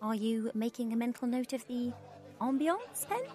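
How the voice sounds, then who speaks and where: A woman's voice: fairly high pitch, animated, mellow, soft background music, natural voice. An actress playing Daisy, a bossy, fretful young woman in a comedy drama. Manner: bossy and fretful, quick to outrage. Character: fussy young woman named Daisy, anxious, indignant. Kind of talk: scripted comedy drama acting.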